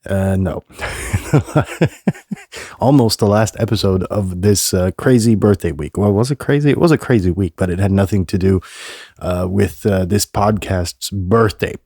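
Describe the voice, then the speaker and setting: Gravelly low-voiced man rambling on a podcast. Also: measured pace, warm tone, no echo, studio quality. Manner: rambling, many filler sounds, blunt and profane. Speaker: podcast host. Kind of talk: casual solo podcast monologue.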